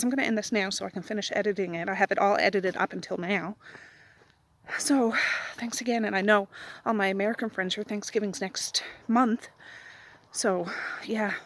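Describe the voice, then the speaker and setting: A woman from Nova Scotia chatting casually into her phone while out walking her dog at night, homey and rambling, a little out of breath. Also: mid-range voice. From Nova Scotia, Canada. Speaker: vlogger. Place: outdoors at night on a street. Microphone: phone held at arm's length.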